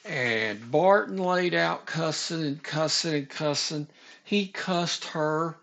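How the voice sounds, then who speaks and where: A man's voice: on the high side, takes it slowly, vocal fry, fairly bright tone. A man casually telling a story, rambling and profane, often stopping to restart his sentences. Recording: dull lo-fi recording.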